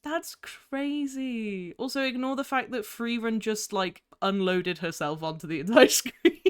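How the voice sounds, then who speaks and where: Casting: young woman streamer, bright and crisp, giggly chatter, sounds a bit sleepy. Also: mid-range voice. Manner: giggly, chatty, easily distracted. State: tired. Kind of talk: casual live-stream chat.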